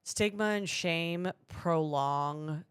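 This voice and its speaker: A woman comedian co-hosting a casual, joking podcast chat with quick tangents. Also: fairly low pitch, smooth, dry recording, studio quality.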